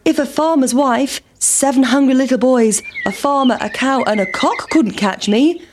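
A woman voicing a cheeky runaway pancake with a high, squeaky, taunting voice in a storybook reading. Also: normal speed, slight background noise, natural voice.

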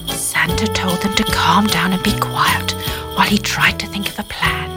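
A woman reading a children's story aloud slowly and expressively, doing the characters' voices. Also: mid-range voice, over music.

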